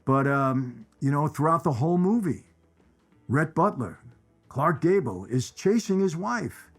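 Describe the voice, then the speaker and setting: Rambling man, higher voice, talking movies. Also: lively intonation, a little slow, husky, soft background music. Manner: rambling, repeats phrases for emphasis. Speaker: channel host. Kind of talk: casual movie commentary to viewers.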